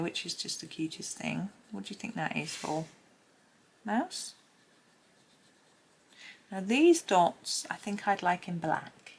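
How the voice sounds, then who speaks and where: A woman's voice: fairly low pitch, gravelly, slight background noise. A woman talking casually through a colouring tutorial as she works, thinking aloud and sometimes dropping to a murmur. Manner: chatty, thinks aloud, drops to a murmur now and then.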